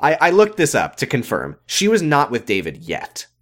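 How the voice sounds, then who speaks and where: A man co-hosting a casual recap podcast, swearing freely and correcting himself as he goes. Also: mid-range voice. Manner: animated, swearing, quick self-corrections. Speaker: podcast co-host.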